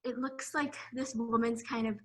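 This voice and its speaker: A young woman walks through her own art pieces in a relaxed, halting way, filling her pauses with ums and sounding slightly out of breath. Her voice sits a little high, and the room around her echoes noticeably. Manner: hesitant, with frequent ums. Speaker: art student presenting her work. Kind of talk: casual showcase talk.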